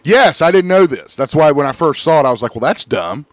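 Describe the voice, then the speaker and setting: A man's voice: on the high side, sing-song, a little fast, no room sound. A man hosting a casual podcast chat, laughing a lot and swearing loosely while fighting sinus trouble. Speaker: podcast host.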